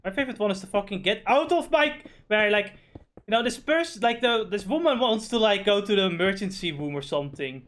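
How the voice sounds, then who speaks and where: A man with a high-pitched voice chats excitedly during a game, swearing as he tells stories. He talks in a loose, casual way and is quick to get worked up. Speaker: streamer. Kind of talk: casual gaming chat.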